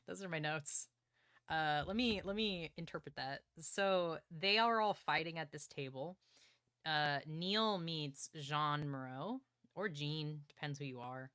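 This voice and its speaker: A young woman streamer casually recapping a novel, excited and swearing, acting out characters' lines. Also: low-pitched, slow, clear, resonant tone, no echo, clean studio sound. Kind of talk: casual book recap chat.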